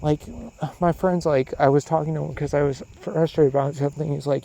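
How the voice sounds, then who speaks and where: Man, gravelly, dark-toned, rambling profane monologue, crickets behind. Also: a little high, fairly quick, rough recording. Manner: profane, animated, questioning. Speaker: solo podcaster. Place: outdoors at night. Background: crickets and insects.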